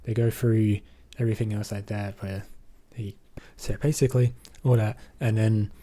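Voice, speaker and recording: Flat, husky-voiced Australian man. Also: lowish voice, normal speed. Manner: rambling, leans on fillers like "basically" and "um". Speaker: movie reviewer. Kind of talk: casual spoken movie recap.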